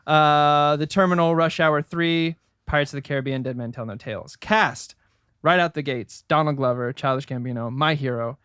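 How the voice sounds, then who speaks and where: A man's voice: a little high, normal speed, a bit bright, smooth, no echo, clean studio sound. A man co-hosting a podcast, listing film credits with light jokes and asides. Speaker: podcast co-host. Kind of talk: casual chat, reading film credits.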